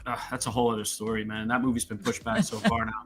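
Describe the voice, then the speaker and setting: A man co-hosting a casual livestream, chatty and animated in conversation. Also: mid-range voice, quick pace. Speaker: co-host.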